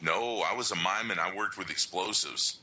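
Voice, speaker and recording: Low, bright-toned man telling stories. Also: a little fast, husky, rough recording. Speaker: podcast guest, Navy veteran. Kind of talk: casual chat.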